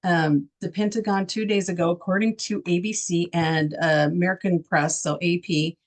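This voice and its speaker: A woman's voice: fairly low pitch, steady tone, moderate pace. A woman from Texas co-hosting a casual political talk show, speaking emphatically with many rhetorical questions. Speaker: co-host.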